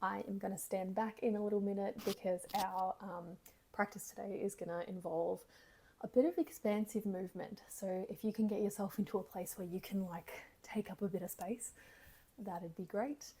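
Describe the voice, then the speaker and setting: Gentle breathy woman guiding meditation. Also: medium pitch, steady tone, normal speed. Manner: casual, gentle and encouraging, with soft breathy asides. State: slightly out of breath. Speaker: meditation guide. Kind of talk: guided movement meditation. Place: lounge room at home.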